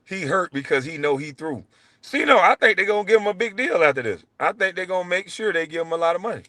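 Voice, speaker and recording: A middle-aged man hosting his show, ranting in a blunt, profane way and swinging between low mutters and loud outbursts. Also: lively intonation, quick pace, dry recording. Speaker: show host. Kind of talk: heated livestream rant.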